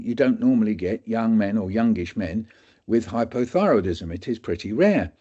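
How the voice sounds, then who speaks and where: A man's voice: lowish voice, animated, moderate pace, dark tone, husky. Older man telling a funny story. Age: 70s. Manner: chatty, self-deprecating, laughs often. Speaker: guest speaker. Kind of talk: humorous storytelling talk. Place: webinar recording. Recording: dull lo-fi audio.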